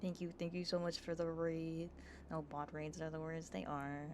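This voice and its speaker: A woman streamer in her room, speaking softly into an ASMR microphone, reading aloud and chatting with viewers in a giggly way full of fillers. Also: deep voice, level tone, moderate pace, slight background noise. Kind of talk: soft-spoken ASMR reading and chat. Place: her bedroom.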